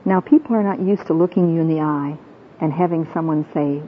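Woman, low-ish voice, earnest tearful sermon talk, tinny phone-like sound, faint rumble behind. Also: a little fast. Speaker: Christian women's speaker. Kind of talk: sermon-like talk with personal stories.

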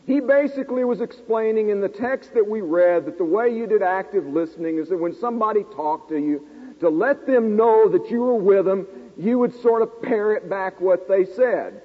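A man in his forties preaching a sermon, an animated storyteller who pokes fun at himself in front of a live congregation. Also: sits high, normal speed, breathy edge. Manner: animated, self-deprecating storyteller talking to a live audience. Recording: tinny lo-fi recording in a reverberant hall.

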